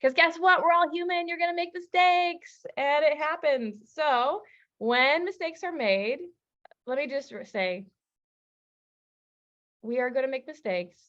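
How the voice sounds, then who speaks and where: A woman relationship coach teaching a masterclass, telling personal stories in a lively, casual way. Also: high-pitched, unhurried, dull audio. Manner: lively storytelling, casual fillers.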